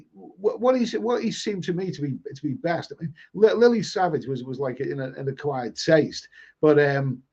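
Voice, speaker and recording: A man's voice: on the high side, mellow. Middle-aged Liverpool man, stammering stream chat. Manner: stammering, repeats words, chatty. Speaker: live-stream host. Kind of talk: casual chat reading viewer comments. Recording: dull lo-fi stream audio.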